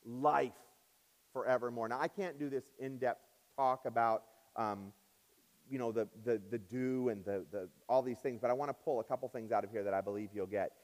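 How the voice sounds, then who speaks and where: A man preaching a sermon as pastor in a church, swinging up and down in pitch and loudness and stretching out key words. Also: fairly even intonation, normal speed, in a large hall. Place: church sanctuary.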